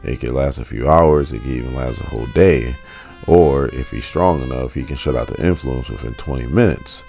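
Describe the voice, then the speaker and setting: A man's voice: rumbling low, moderate pace, gravelly, darkish tone, faint music behind. A man voicing a scientist who explains the effects of a gas. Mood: explaining.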